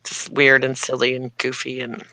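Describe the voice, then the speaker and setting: Woman host, bright voice, dry close sound, chatty and giggly. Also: rumbling low, monotone, moderate pace, dry recording. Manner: chatty, giggly, self-deprecating. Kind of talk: casual live chat.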